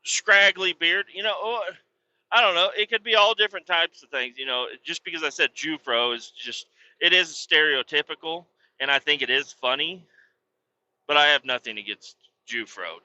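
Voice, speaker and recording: A man hosting a comedy podcast, ranting with heavy profanity and sudden bursts of shouting. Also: fairly high pitch, expressive, moderate pace. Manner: profane, erupts into shouting tirades. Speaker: podcast host. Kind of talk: comedic rant. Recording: dull lo-fi recording.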